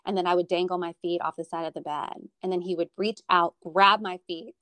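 A woman's voice: fairly low pitch, fairly even intonation, brisk, fairly bright tone, no room sound. A woman from Florida chatting casually and telling stories about her family, with many restarts. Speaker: guest. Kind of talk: casual chat. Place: Northern Virginia.

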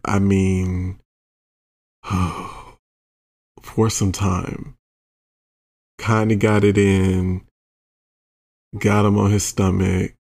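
Gravelly, husky man telling a story slowly. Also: low-pitched, darkish tone. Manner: profane, exasperated storyteller who acts out quotes. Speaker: podcast host. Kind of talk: explicit comedic storytelling monologue.

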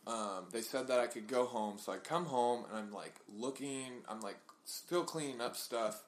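A man's voice: mid-range voice, moderate pace. A young man co-hosting a podcast, telling a long story in casual chat and acting out the people in it. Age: young adult. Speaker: podcast co-host.

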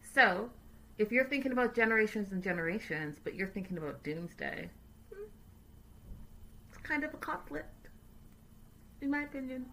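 A woman hosting a casual livestream recap, chatty, animated and sassy. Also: on the high side, moderate pace, pauses often, a little hiss or hum. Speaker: host.

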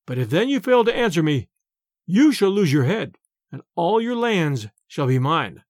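A haughty medieval king barks his demands in a loud, lively voice that jumps up in pitch, as a male reader puts him on. Dry, close sound. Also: moderate pace, no echo. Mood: commanding. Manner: imperious, loud. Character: proud angry medieval king, commanding.

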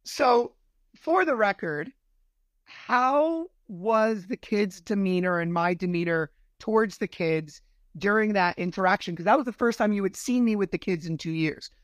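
A man's voice: high-pitched, normal speed, no echo, clean studio sound. A man hosting a podcast, steering the talk in a direct, conversational way. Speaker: podcast host. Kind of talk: conversational interview.

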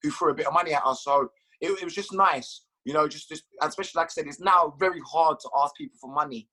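Male guest with a raised voice, bright tone, chatty storytelling, swears, laughs at his own tales. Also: fairly high pitch, quick pace, rough recording. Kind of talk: casual storytelling.

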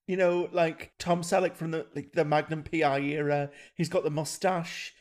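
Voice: medium pitch, fairly even intonation, moderate pace. A co-host in casual chat, making playful joking asides.

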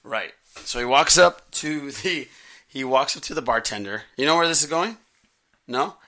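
A man's voice: mid-range voice, animated, moderate pace, bright, forceful tone. A young man co-hosting a podcast, rambling and telling jokes in casual chat. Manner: joking, rambling storyteller. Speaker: podcast co-host.

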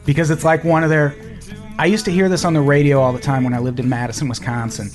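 A man's voice: a little high, steady tone, quick pace, over music. A man hosting a casual podcast chat, telling profane stories and laughing often. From United States. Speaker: podcast host.

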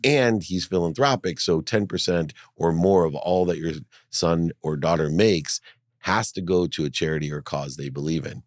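Deep-voiced man telling a heartfelt story. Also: normal speed, no room sound, studio quality. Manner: earnest, animated, acts out his mother's voice in dialogue. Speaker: guest, entrepreneur and speaker. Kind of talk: emotional storytelling in a podcast interview.

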